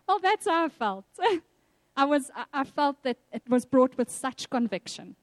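A South African woman preaching a sermon, telling personal stories in a lively way and acting out the voices she quotes. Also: high-pitched, a little slow, no echo.

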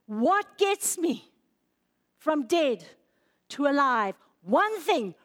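Emotional high-voiced woman preaching. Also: big pitch swings, very slow. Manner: emotional, rises loud then drops to hushed. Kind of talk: sermon. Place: church.

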